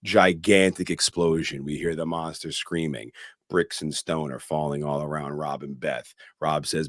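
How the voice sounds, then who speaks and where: A man with an extremely deep voice tells the story of a film, co-hosting a casual podcast. He narrates in an animated way and drops in sound words for effect. His voice is recorded dry and close, with no room sound. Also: moderate pace, no echo. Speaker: podcast co-host. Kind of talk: casual movie recap.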